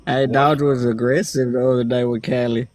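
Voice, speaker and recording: A man's voice: medium pitch, level tone, normal speed, a little mellow, no echo. A man in a casual livestream chat, talking slangy and profane and laughing easily.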